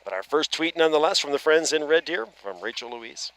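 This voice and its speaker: Atlantic Canadian male play-by-play man, bright forceful voice, chatty, ballpark booth. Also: fairly high pitch, brisk, dry recording. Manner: chatty, self-deprecating, excitable on plays. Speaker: play-by-play commentator. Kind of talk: live baseball commentary. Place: outdoor ballpark broadcast booth.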